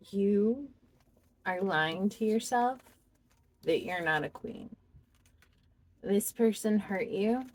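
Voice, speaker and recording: A woman doing a pick-a-card tarot reading, speaking to the viewer in a slow, heartfelt and expressive way. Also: medium pitch. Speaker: tarot reader.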